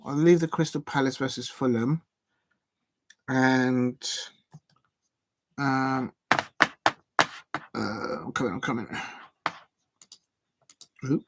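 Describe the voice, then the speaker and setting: A man's voice: medium pitch, fairly even intonation, drawn-out words, long pauses, noisy background. A man hosting a football watch-along stream, chatting casually and muttering to himself as he types. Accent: South London English. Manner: rambling, muttering to himself while typing. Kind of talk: casual live-stream chat.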